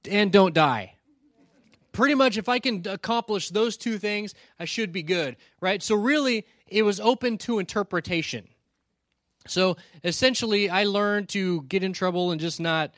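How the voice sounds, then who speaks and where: A man's voice: high voice, fairly bright tone, no echo, studio quality. Man preaching a conversational sermon. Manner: conversational storytelling, often asks "right?"; earnest, challenging his listeners. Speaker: pastor.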